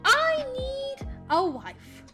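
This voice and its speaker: A smug, petty young titan king boasts and muses aloud in a high, lively voice, as a woman puts him on while telling a myth. He sounds casually pleased with himself, with faint music behind. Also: extremely slow, full character voice. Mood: musing.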